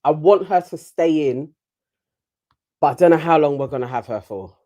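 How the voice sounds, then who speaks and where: A woman's voice: deep voice, moderate pace, mellow, lo-fi sound. A woman co-hosting a casual chat, chatty and giggly, laughing often. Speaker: co-host reviewing a reality show.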